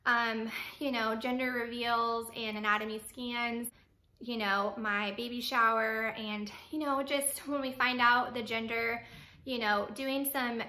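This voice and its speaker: A young woman talking straight to camera in a casual vlog, chatty and excitable, with lots of ums and you knows. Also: a little high, slow pace. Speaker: fitness vlogger.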